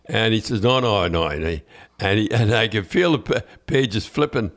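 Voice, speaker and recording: The voice is an older man's, on the low side, with lively intonation and a moderate pace. As a podcast host, he tells long, rambling stories in casual conversation, frequently restarting and repeating himself.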